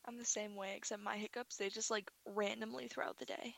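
Woman host, husky gravelly voice, a bit high, reassuring and laughing along. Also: steady tone, fairly quick, a bit bright, rough recording. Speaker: interviewer host. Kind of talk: casual interview chat.

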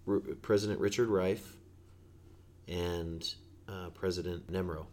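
A man hosting a casual interview, relaxed and thoughtful, often pausing to search for words. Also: sits low. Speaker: host.

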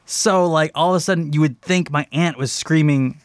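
A man in casual podcast chat who laughs often and bursts into loud shouted curses. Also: fairly high pitch, normal speed, dry recording, studio quality. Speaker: podcast co-host.

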